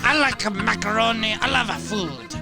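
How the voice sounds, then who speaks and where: A man's voice: high voice, sing-song, normal speed, vocal fry, over music, full character voice. A man putting on a mock-French braggart comic. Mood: absurd. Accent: fake French. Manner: broken English, absurd boasts. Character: boastful crude male French stand-up comic.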